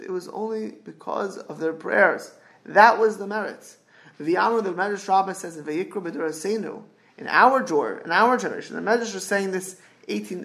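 A man's voice: high voice, fairly bright tone. A man telling a story in a sermon, earnest, often repeating and restarting words as he builds emphasis.

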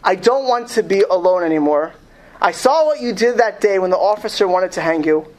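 A woman's voice: medium pitch, animated, a little fast, darkish tone, natural voice. A woman voicing a lonely, grieving teenage girl who speaks earnestly and pleadingly.

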